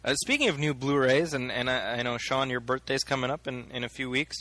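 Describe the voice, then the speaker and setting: A man's voice: medium pitch, fairly quick, sharp tone, no echo. A man co-hosting a movie podcast in casual, joking banter. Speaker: podcast co-host. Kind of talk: casual chat.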